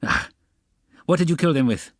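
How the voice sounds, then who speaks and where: A man reading the part of an excitable, fussy middle-aged magistrate in an audiobook, insistent and wheedling. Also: a little high, dry recording, clean studio sound, voice pushed up, close to an everyday voice. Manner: quick, insistent, wheedling, slipping to mutters.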